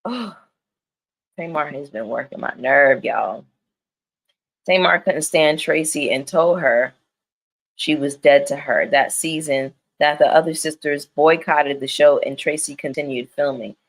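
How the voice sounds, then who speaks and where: A woman's voice: low voice, unhurried, poor audio. A woman reviewing reality TV on a live stream, talking straight to her viewers in a candid, slangy and profane way. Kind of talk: casual live-stream chat.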